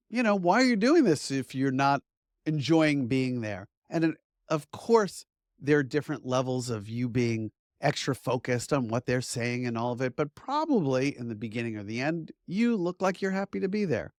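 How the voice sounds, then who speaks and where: A man's voice: medium pitch, sing-song, normal speed, dry recording, clean studio sound. A middle-aged man, a media trainer, giving an upbeat, conversational lesson to camera. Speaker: media trainer and course instructor. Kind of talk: instructional talk to camera.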